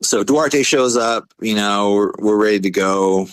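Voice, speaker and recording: A man telling a story casually, laid-back, full of fillers, acting out quotes in a higher voice. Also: a little slow, clean tone. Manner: animated, acts out quotes in a higher voice. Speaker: podcast guest.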